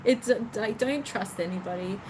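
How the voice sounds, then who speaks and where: A woman's voice: medium pitch, moderate pace, background noise. A woman chatting casually on a live stream, rambling and repeating her words as she goes.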